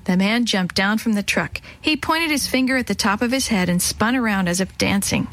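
A woman storyteller warmly reading a children's chapter book aloud, acting out the voices. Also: mid-range voice, normal speed, few pauses, rough recording. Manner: warm, expressive reading, acts out voices.

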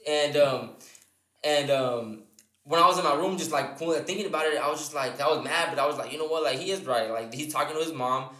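In an echoey room, a young male podcast co-host casually tells a long, rambling story, swearing freely and full of restarts and fillers. His voice is fairly high, fairly quick, and fairly bright.

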